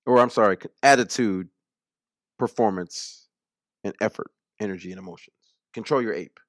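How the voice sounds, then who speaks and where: A man's voice: lowish voice, normal speed, dry recording, clean studio sound. A man hosting a political talk radio show, speaking in an emphatic, repetitive monologue.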